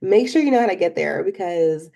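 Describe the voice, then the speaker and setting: A young woman hosting a podcast, telling an animated story and giving casual advice straight to her listeners. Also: on the low side, brisk, vocal fry. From not from Florida. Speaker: podcast host.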